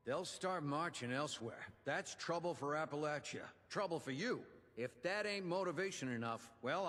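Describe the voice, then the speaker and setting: A proud, folksy old union inventor in a video game, his voice rising and falling with lively swings. There is a husky edge to it, and long reverb trails after each line. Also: on the high side. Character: gruff older male union inventor and quartermaster. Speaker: game character giving quest dialogue.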